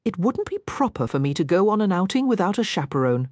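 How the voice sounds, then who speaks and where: A woman's voice: medium pitch, big pitch swings, darkish tone, no echo, studio quality. A woman doing a spirited, indignant young noblewoman. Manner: quick, indignant, earnest.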